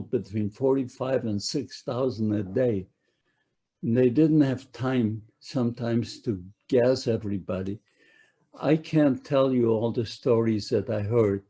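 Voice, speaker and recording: A man in his nineties from Poland, giving personal testimony to an audience in a halting way that repeats words as he searches for them. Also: medium pitch, dark tone, husky. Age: 90s. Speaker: Holocaust survivor giving a talk.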